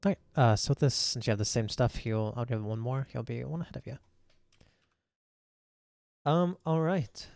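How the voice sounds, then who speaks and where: Male game master, easygoing and hesitant, mid pitch, dry mic. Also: gravelly, darkish tone, dry recording. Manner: casual, halting with fillers. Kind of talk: narrating a tabletop game.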